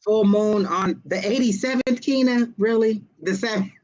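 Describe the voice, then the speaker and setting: A woman reading tarot live for viewers, talking quickly and directly to her audience in a lively, chatty way. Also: medium pitch, poor audio. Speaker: tarot and psychic reader.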